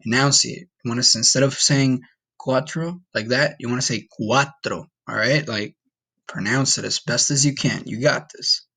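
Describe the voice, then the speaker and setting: A man teaching a recorded Spanish lesson to students, encouraging and casual, slowing down to model each word. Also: mid-range voice, gravelly, bright, forceful tone. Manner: encouraging, talks straight to students, repeats words slowly to model pronunciation.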